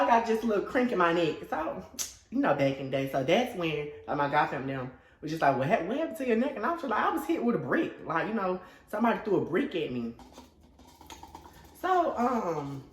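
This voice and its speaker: Young male vlogger, animated storyteller, bouncy lively voice, roomy echo. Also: fairly quick, a little hiss or hum. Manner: animated, acts out quotes in a high dramatic voice. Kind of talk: casual storytelling.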